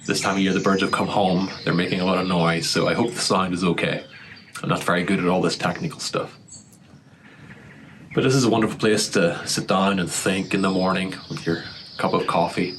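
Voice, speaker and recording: A man's voice: deep voice, steady tone, brisk, a little hiss or hum, rough recording. Earnest Irish man outdoors with birds. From Ireland. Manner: thoughtful, earnest, building to heated. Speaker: vlogger. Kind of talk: reflective casual monologue. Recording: outdoor recording with loud birdsong. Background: loud birdsong.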